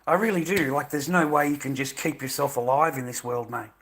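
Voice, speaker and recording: A man's voice: mid-range voice, steady tone, fairly quick, fairly bright tone. Foul-mouthed Australian man ranting. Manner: profane, repetitive, says "mate" constantly. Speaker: vlogger. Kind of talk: ranting monologue to camera.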